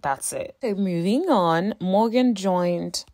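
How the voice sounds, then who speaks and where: Speaking slowly in a mid-range, slightly mellow voice, a woman reviews a reality show casually but emphatically. She talks straight to the cast, tossing in exasperated asides and calling them honey and sis. It's a dry, studio-quality recording.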